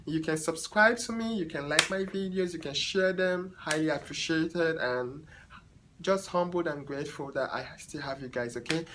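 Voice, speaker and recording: Animated, exasperated man vlogger. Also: on the high side, moderate pace, noisy background. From Africa. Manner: animated, exasperated, chatty, talks to viewers as "guys". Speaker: hairstylist and vlogger. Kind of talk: storytelling vlog.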